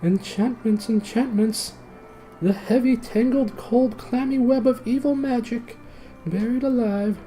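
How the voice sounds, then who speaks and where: Desperate enchanted knight in a storybook reading, high, strained, begging. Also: male voice, dark tone, low-quality recording. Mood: anguished. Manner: high strained pleading, rising to shrieks. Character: tormented enchanted knight, adult man, pleading.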